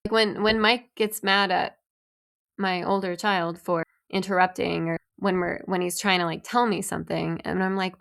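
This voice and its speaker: A woman's voice: on the low side, fairly even intonation, moderate pace, gravelly, a bit bright. A woman in her thirties co-hosting a podcast, chatting casually and telling stories with many restarts. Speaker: podcast co-host. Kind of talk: casual chat.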